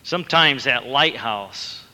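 A male preacher speaks slowly in a bright, forceful voice and tells a story, rising to emphatic bursts. His slightly high voice carries a long hall reverb. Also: expressive. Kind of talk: sermon.

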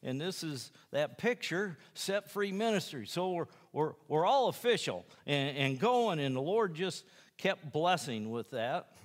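A man's voice: a little high, big pitch swings, a little slow. Folksy preacher man in a reverberant room. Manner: folksy, rambling, acts out other people's lines. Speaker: jail preacher. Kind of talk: personal testimony storytelling.

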